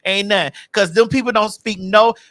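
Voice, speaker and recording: Brash, profane woman host, bright forceful voice, animated storyteller. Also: mid-range voice, moderate pace. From Florida. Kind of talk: casual chat.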